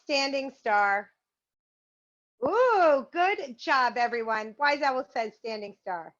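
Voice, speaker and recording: A woman's voice: high voice, expressive, slow, fairly bright tone. Upbeat woman teaching on a video call. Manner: upbeat, encouraging, playful. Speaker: yoga and mindfulness instructor. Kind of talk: guiding a virtual class through poses and a game. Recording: muffled video-call audio.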